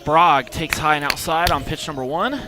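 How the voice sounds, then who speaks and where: A man calling live play-by-play of a high school baseball game with brisk, matter-of-fact pitch calls. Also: lively intonation, a loud crowd, rough recording. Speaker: play-by-play announcer. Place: outdoor ballpark.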